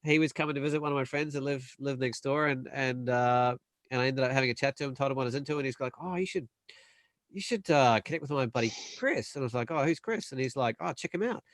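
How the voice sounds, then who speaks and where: A young man telling a long, animated story in casual chat, acting out the other people's voices. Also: medium pitch, dry recording. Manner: animated storyteller, acts out quoted voices, quick bursts. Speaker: panel guest.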